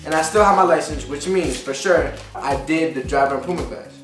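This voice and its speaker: A man's voice: on the high side, fairly quick. Exasperated man venting into a distant mic. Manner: frustrated, profane, repetitive venting. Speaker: vlogger. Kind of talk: casual vlog rant. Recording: echoey room, distant mic, faint music.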